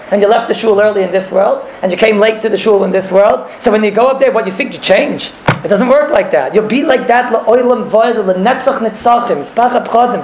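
There's a little hiss or hum on this recording of a high-voiced man teaching religion in an echoey room. He explains a text and tells stories, with repeated phrases and Hebrew and Yiddish terms sprinkled throughout.

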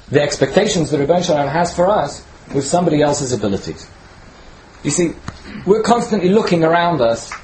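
A man's voice: fairly high pitch, slight background noise, rough recording. A man teaching an informal sermon in a conversational way, often checking in with "right?" and restarting words as he searches for them. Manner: conversational, peppered with "right?" tag questions. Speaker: teacher giving a Torah talk.

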